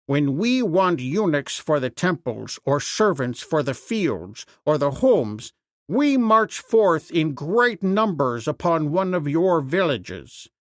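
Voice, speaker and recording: A man's voice: fairly high pitch, sing-song, slow, dry recording, studio quality. A man reading as a proud, fiery young warrior. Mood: scornful.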